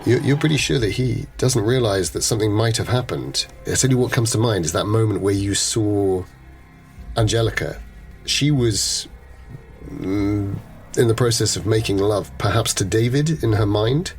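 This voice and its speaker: A man's voice: on the low side, normal speed, faint music behind. A man running a tabletop horror game as game master, narrating in a musing, hesitant way. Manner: musing, hesitant, many restarts.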